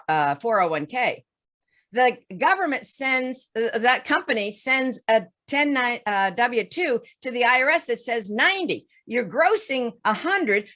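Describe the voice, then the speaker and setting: A woman financial advisor giving a webinar talk, explaining investing with lively stories and everyday examples. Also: on the high side. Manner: animated storytelling with folksy examples.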